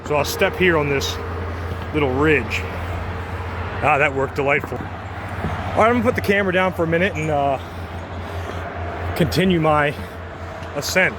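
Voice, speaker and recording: A man vlogging as he climbs a tall outdoor tower, out of breath, chatty and excited, recorded on a handheld phone. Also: on the high side, moderate pace, long pauses, noisy background. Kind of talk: casual narration while climbing. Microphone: handheld phone camera.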